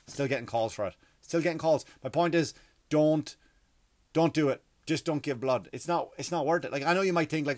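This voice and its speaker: A man's voice: fairly high pitch, moderate pace, no echo, studio quality. A man in his thirties with an Irish accent, telling a comic story as a podcast host, rambling and swearing, with many restarts. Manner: rambling, profane, frequent restarts and asides.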